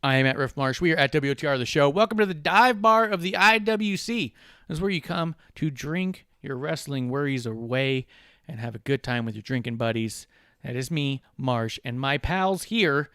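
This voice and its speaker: A man's voice: on the high side, normal speed, a bit bright, smooth, dry recording, clean studio sound. Playful, teasing male podcast host. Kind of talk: casual comedic podcast banter.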